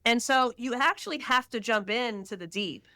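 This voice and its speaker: A middle-aged woman from Texas talks as a podcast guest, animated and storytelling. Her voice sounds bright and smooth, and the recording is dry and close. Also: on the high side, moderate pace, no room sound. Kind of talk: casual conversational interview.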